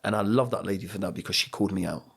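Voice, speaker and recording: A man's voice: sits low, racing, vocal fry, slightly rough. A middle-aged man from Poland, a podcast guest telling his life story and acting out the voices of people in it. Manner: animated storyteller who acts out quoted voices. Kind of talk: storytelling in casual chat.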